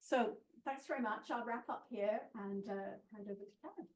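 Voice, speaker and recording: A woman from Australia giving earnest, measured presentation remarks. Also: medium pitch, low-quality recording. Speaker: seminar speaker.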